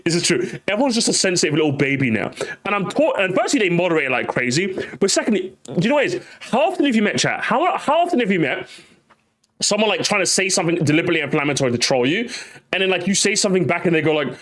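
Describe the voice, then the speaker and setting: A man's voice: sits high, fairly bright tone. A young man, chatting casually to his livestream viewers, ranting, swearing and laughing as he talks. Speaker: streamer.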